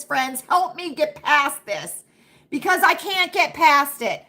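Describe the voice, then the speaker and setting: A woman's voice: high voice, expressive, slow, bright, forceful tone. A middle-aged woman hosting a casual livestream, chatting with viewers, calling them friends and honey and often asking "right?". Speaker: livestream host. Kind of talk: casual live chat with viewers.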